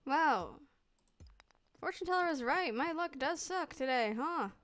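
A young woman chats to herself in a playful way while streaming a game, now and then using mock old-fashioned wording as casual commentary. Faint game music runs behind her high, slightly bright voice, which has lively intonation and a measured pace.

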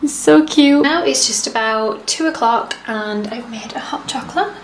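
A woman vlogging from home, talking in a gushing, chatty way and cooing to her pets in a sing-song voice. Her voice sits a little high and sounds slightly stuffed up. The room is echoey, with a faint hiss behind her. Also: moderate pace, a bit bright. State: stuffed up and out of breath. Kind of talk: casual vlog chat.

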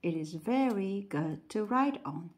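A woman reading as a gentle, wise prince. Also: medium pitch, measured pace, natural voice. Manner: calm, kindly explaining.

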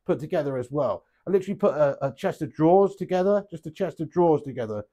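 A young man chatting casually on a live stream, rambling, swearing freely and getting animated. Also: fairly high pitch, fast.

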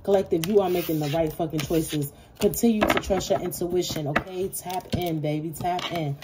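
A woman's voice: lowish voice, steady tone, normal speed, heavy background noise. A woman giving a casual tarot reading straight to her viewers, blunt and sassy, cursing freely and repeating herself for emphasis. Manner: repetitive, talks straight to viewers. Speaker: tarot reader.

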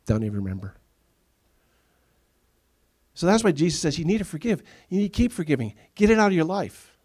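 A middle-aged pastor delivers a sermon to his congregation. His mid-pitched voice rises and falls widely. He slips into the voices of the people in his stories. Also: fairly quick. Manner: animated storytelling, acts out quoted voices. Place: church sanctuary.

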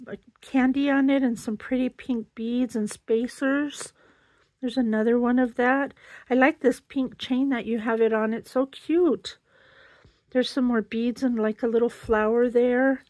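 A woman runs a laid-back crafting vlog, gushing and chatting as she opens a handmade present and exclaims over each item inside. The recording is dry, and her slightly high voice has a darkish tone.

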